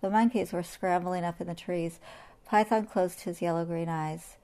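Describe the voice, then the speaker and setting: A woman reading a children's animal story aloud in a gentle, measured way. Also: lowish voice, steady tone, clean tone.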